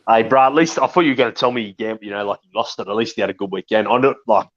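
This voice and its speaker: A man's voice: lowish voice, racing. A man in rambling, profane chat, calling everyone bro. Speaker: stream chat guest. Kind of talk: casual crude banter. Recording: dull lo-fi call audio.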